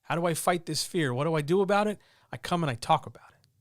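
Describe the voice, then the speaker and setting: A man's voice: fairly high pitch, quick pace, dry recording. Blunt, earnest man on a dry mic. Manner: blunt, earnest, swears freely. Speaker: streamer host. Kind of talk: candid motivational monologue. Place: at home with his cats. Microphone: talking into a microphone.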